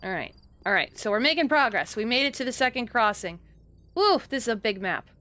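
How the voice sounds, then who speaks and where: Young woman streamer, kinda high voice, mutters along then yelps when stuff happens. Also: very animated, brisk, pushed and bright. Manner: chatty, muttering to herself, sudden high exclamations. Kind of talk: live gameplay commentary.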